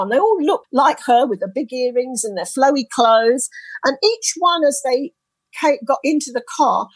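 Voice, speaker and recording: A middle-aged woman from the UK, telling a personal story as a guest in an interview, animated and quoting others in lively voices. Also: sits high, slightly rough, dry recording, rough recording. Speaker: interview guest, spirit artist. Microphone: headset earphones.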